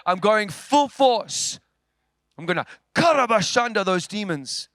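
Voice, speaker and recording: A male preacher with a high, bright voice tells a story from the pulpit. He swings between loud, forceful lines and near-whispers. The sound is close and dry. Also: expressive, moderate pace, dry recording. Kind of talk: sermon storytelling. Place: church.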